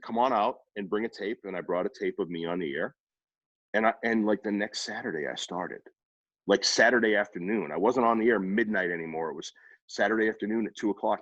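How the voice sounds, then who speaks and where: A man in his fifties with a lowish voice, spinning rambling, animated stories from his radio career. The recording is dry and a little dull, with no room sound around him. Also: no room sound. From Worcester, Massachusetts. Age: 50s. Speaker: radio personality guest. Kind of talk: casual storytelling interview.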